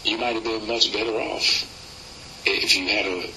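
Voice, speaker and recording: Brief: very deep, easygoing male radio host, rambling, chuckling, noisy radio recording behind him. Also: fairly even intonation, moderate pace, bright, forceful tone. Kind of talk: casual radio interview.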